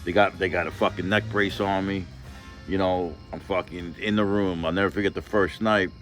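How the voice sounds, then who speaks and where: A man with a deep, low voice tells a hard personal story in a loose, rambling monologue. His talk is crude and emotional, full of curses and fillers. Soft music plays faintly behind him. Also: steady tone, normal speed. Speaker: vlogger telling a personal story.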